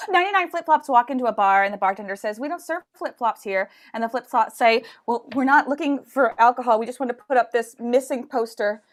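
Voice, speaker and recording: A woman improv player telling improvised jokes, eager and excitable. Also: a little high, fairly quick, few pauses.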